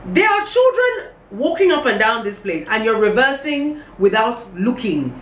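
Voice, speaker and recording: A young woman telling a casual story on camera, acting out every quote with big jumps in her voice. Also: a little slow. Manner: animated, acts out quotes with big pitch jumps. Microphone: camera on a tripod. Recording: echoey room with faint background hum.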